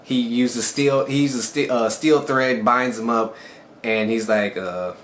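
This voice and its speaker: A man casually recapping an anime episode as a reviewer, telling it loosely and with excitement. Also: mid-range voice, slow. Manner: excited storytelling, loose and conversational. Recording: echoey room with faint background noise.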